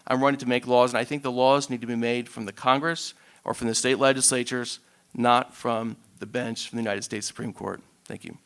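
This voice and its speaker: A male congressional candidate answers in a debate with a smooth, clear voice. He speaks firmly and deliberately, at a medium pitch. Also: fairly even intonation, fairly bright tone. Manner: firm, deliberate.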